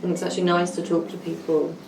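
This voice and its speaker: A woman's voice: on the low side, level tone, fast, vocal fry. A woman, a client, chatting casually over a video call and speaking hesitantly as she searches for her words. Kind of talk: casual chat. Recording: distant, echoey, noisy call.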